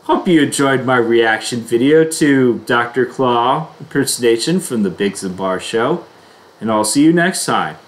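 A man hosting his own reaction video, reading his intro and verdict in a slow, deliberate, plain way. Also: mid-range voice, expressive. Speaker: video reactor, channel host. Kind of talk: scripted reaction video narration.

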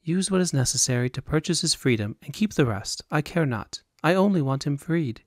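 A man voicing a secretive, lovestruck young woman of about twenty who speaks in an imperious, excited way. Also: fairly high pitch, fairly quick, no echo, studio quality, pitched above the performer's own voice. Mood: commanding.

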